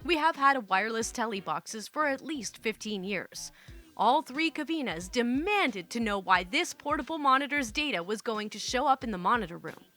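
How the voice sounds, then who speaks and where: Bright-voiced woman, profane storyteller. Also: a little high, lively intonation, moderate pace, faint music behind. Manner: casual and profane, with frequent laughter. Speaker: storytime channel host. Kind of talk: reading online stories with casual commentary.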